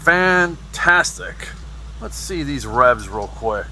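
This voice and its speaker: A man's voice: medium pitch, animated, moderate pace, sharp tone, a little hiss or hum. A man from New Hampshire giving casual running commentary while working on an old vehicle, rambling into joking, self-deprecating asides.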